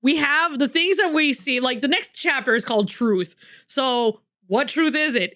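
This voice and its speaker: A woman's voice: high-pitched, animated, moderate pace, bright, forceful tone. A young woman co-hosting a podcast, chatting casually about a book, laughing often and swearing freely. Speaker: podcast co-host. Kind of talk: casual book-club chat.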